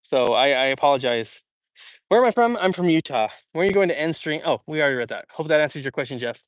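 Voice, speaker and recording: Walking outdoors through a large public park, this young Idaho streamer answers chat in a fast, expressive, rambling way, full of fillers and false starts. He's overheated and sweaty, his voice sits a bit high, and the recording is dry, like a phone mic.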